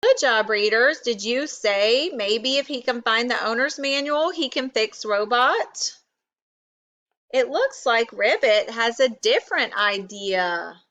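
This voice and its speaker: Slow, bright-voiced woman teacher. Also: a little high, lively intonation, muffled recording. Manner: addresses children, asks questions. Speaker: teacher reading aloud. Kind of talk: interactive read-aloud lesson.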